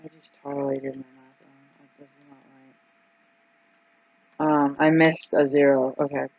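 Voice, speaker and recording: A woman vlogging casually as she works through her budget out loud, anxious and rambling, with frequent ums and exclamations. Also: very deep voice, level tone, moderate pace, dull audio. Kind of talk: casual vlog, thinking aloud over budget.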